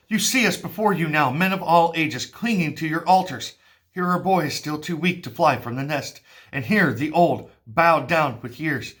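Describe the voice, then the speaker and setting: A man's voice: fairly high pitch, a bit bright. A man voicing an old priest pleading with a king, declaiming his lines.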